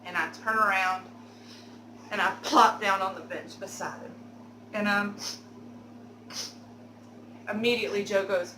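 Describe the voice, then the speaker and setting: A woman telling a candid, animated story for her vlog, cursing now and then. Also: on the low side, measured pace, long pauses, echoey room, noisy background. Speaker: beauty vlogger telling a story.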